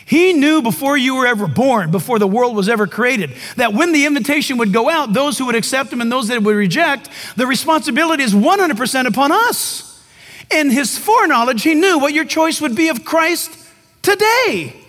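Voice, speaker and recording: A man preaching a sermon as pastor, emphatic and animated, with comic asides to the congregation. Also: very high-pitched, moderate pace. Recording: long reverb of a large hall.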